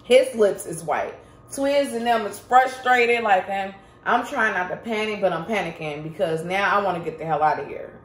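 A woman's voice: mid-range voice, normal speed. A woman telling a story to her viewers in a casual vlog, chatty and emphatic, talking straight to the audience. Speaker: vlogger. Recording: roomy echo.

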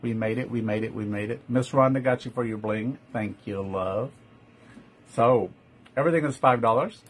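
A chatty Texan man hosts a live-stream jewelry sale, greeting viewers by name and calling them love. His husky voice sits in the mid range and moves at a normal pace.

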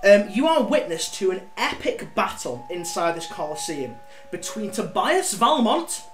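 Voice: mid-range voice, sing-song, a little slow, a bit bright. A game master narrating a tabletop game, rambling with lots of fillers and restarts. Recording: roomy, distant, music behind.

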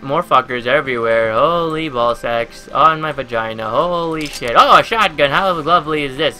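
Faint music plays behind a slightly high, sharp voice that moves at a moderate pace with few pauses. It belongs to a jumpy New Jersey let's play gamer in his twenties, swearing and yelping through a horror game at his home computer.

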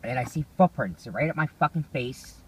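A man's voice: medium pitch, expressive, moderate pace. A man in his ordinary middle register tells rambling, profane stories in a loose, offhand way. A faint hum of ambience sits behind him. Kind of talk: casual storytelling.

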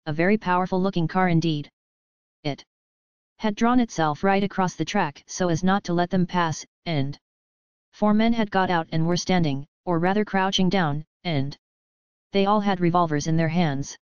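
An audiobook narrator reading a children's adventure story in an even, measured way. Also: mid-range voice, clean tone, no echo. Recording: dull, dry sound.

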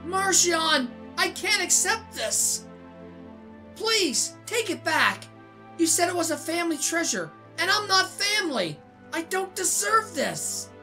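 A woman's voice: extremely high pitch, sing-song, takes it slowly, bright, forceful tone, faint music behind, pitched above the performer's own voice, exaggerated voice. A woman reading the lines of an earnest young man in a game, pleading and sincere. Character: gentle grateful young man, adopted brother.

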